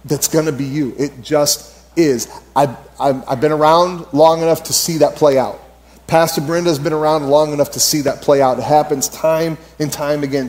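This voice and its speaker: A man's voice: on the high side, fairly even intonation, moderate pace, a little mellow. A man in his thirties preaching a conversational sermon as pastor, telling stories and repeating key phrases for emphasis.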